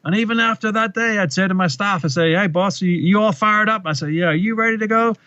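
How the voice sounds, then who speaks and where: A man's voice: high-pitched, quick pace, sharp tone, smooth, no echo, muffled recording, voice pushed up. A man doing a rousing male politician's rally voice. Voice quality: raised, building rally-speech cadence. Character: impression of a famous male politician telling a rousing story.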